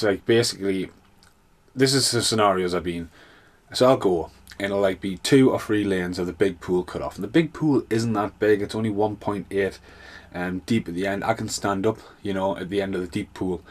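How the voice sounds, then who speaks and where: Podcast host, male, lowish pitch, loose sweary storytelling. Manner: rambling, sweary, animated storytelling. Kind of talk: casual solo rant.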